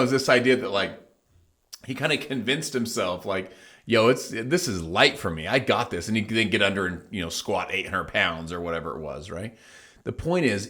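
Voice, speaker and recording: Middle-aged male host, low-ish voice, emphatic motivational storyteller. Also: a bit bright. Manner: storytelling, quotes people in acted voices, emphatic. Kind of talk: motivational monologue.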